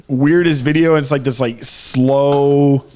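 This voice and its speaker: A man's voice: medium pitch, fairly even intonation, measured pace, dark tone. A young man co-hosting a podcast, telling stories in casual chat and rambling through his thoughts with lots of fillers. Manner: rambling, lots of "like" and quoted asides. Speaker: podcast co-host.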